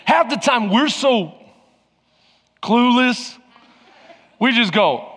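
A man preaches from the pulpit in a strikingly high, bright voice. He hammers his points with repetition and sudden shouts, and slips into playful scenes. The sound rings with the long echo of a large hall. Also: lively intonation, slow, pauses often. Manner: emphatic and repetitive, with bursts of shouting; playful, acts out little scenes. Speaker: pastor. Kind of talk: preaching a sermon.

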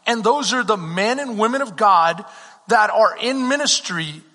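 A Texan pastor preaches in a conversational way, firing questions at his congregation and answering them himself. His voice sits high and has a slightly husky edge. It rings with the long reverb of a church sanctuary. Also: lively intonation, unhurried, sharp tone. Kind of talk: sermon.

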